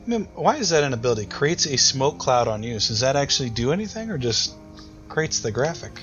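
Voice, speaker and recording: A young man from the United States narrates his play in a loose, rambling way, stopping to puzzle over menus and poke fun at himself. His voice sits at an ordinary middle pitch. Game music plays clearly behind him. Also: sing-song, fairly quick, a bit bright, lo-fi sound. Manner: rambling, thinking aloud, self-deprecating. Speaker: gaming YouTuber. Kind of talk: casual let's-play commentary.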